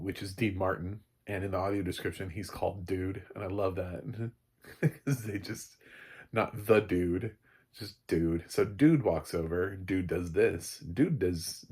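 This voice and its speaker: A man's voice: low voice, measured pace, a little mellow, husky. A man casually reviewing an old movie, chatty and rambling, laughing often.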